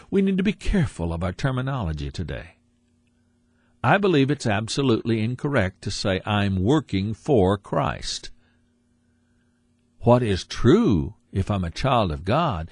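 A man preaching a sermon, earnest and emphatic, repeating his phrases and dropping low for asides. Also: creaky, a little mellow, breathy edge, no room sound.

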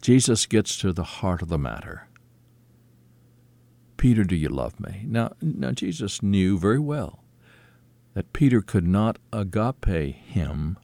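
A man preaching a sermon, explaining scripture slowly and quoting it as he teaches. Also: fairly low pitch, creaky, dark tone, no echo.

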